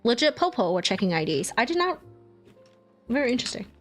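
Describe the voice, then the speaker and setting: A young woman streamer chatting casually, telling a story with animated swearing and acted-out quotes. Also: fairly high pitch, fast talker, soft background music. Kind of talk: casual chat.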